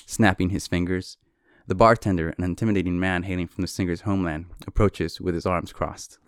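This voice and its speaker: A man's voice: deep voice, brisk, clean tone, no echo, clean studio sound. A man hosting his own podcast, chatting casually and joking about himself before he reads a novel aloud. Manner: relaxed, self-deprecating, lightly swearing. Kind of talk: casual intro, then dramatic book reading.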